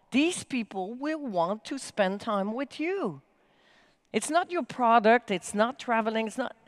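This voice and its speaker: A woman giving a motivational talk from a conference main stage, energetic and emphatic, with big swings in pitch. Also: no echo. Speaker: keynote speaker.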